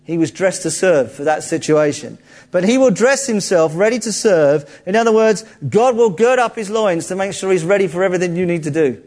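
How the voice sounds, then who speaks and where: A man preaching a sermon in a lively, conversational way, joking with his listeners. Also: high voice, fairly quick. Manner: lively, jokey, conversational, acts out quotes.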